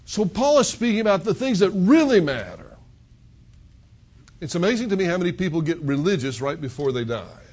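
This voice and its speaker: A pastor delivers a conversational sermon. His voice sits high and moves through a lively, animated range. He presses his points with emphatic rhetorical questions. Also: fairly quick. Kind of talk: expository sermon.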